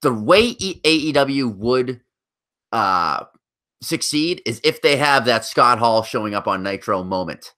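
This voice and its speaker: A man's voice: medium pitch, expressive, measured pace, bright, forceful tone. A man co-hosting a podcast in casual, profane chat, passing along news and rumors. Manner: profane, rumor-sharing banter. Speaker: podcast co-host.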